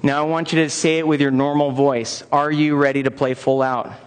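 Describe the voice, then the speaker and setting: A man's voice: on the high side, flat delivery, brisk, clear, resonant tone. A man presenting at a conference for personal trainers, upbeat and coaxing the audience into joining in. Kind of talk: interactive conference lecture. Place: large conference room. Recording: long reverb of a conference hall.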